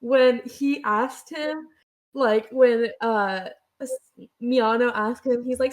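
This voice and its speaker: A woman's voice: high voice, slow. A woman co-hosting a casual podcast, gushing and giggly. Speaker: podcast co-host. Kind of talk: casual chat.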